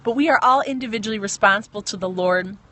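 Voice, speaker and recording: A woman's voice: mid-range voice, fast, pushed and bright. A woman in her thirties giving a casual devotional talk on a phone livestream, earnest and chatty, stopping to answer viewer comments. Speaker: Christian livestream host.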